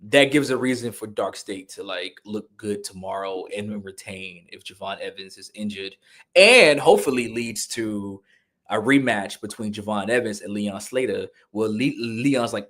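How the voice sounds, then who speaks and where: A man co-hosting a casual wrestling podcast, excitable and jokey, rambling with slang and restarts. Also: lowish voice, normal speed. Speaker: podcast co-host.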